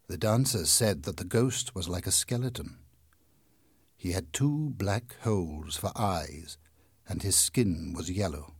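A man reading a novel aloud as an audiobook narrator, in measured, clear storytelling. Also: deep voice, expressive, dry recording, studio quality. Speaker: audiobook reader. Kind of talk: scripted narration.

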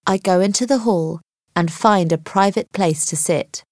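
A woman narrating a first-person story in a measured, clear reading voice. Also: lowish voice, darkish tone, dry recording, studio quality. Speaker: audiobook reader.

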